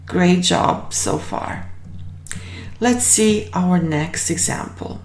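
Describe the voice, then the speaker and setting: Woman teaching german basics, super slow and careful, repeats each word, echoey room. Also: lowish voice, animated. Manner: drills words slowly and repeats them, encouraging. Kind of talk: slow, deliberate language lesson.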